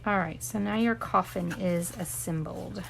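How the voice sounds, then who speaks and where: A woman's voice: on the low side, unhurried, vocal fry, slight background noise. A woman teaching a casual live crafting tutorial, chatting and rambling with asides to her viewers. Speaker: crafting instructor.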